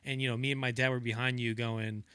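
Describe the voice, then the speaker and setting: Young male podcast co-host. Bright, lively storyteller, dry sound. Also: medium pitch, fast talker, clear, resonant tone, no echo. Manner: animated storyteller acting out quotes in voices. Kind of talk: casual film-history chat.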